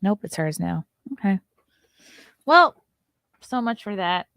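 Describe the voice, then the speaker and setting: A woman's voice: medium pitch, lively intonation, slow pace, creaky, a bit bright, dry recording, studio quality. A young adult woman hosting a casual morning talk show, reading news items aloud and breaking in with blunt, swearing asides. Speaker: podcast host.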